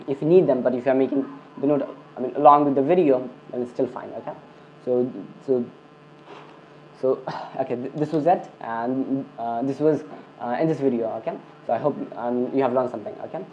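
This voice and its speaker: A coding tutor speaks at normal speed in a mid-range voice during a screencast lesson. Fillers like "okay" and "I mean" and frequent restarted sentences mark his delivery. The dull lo-fi recording has slight background noise.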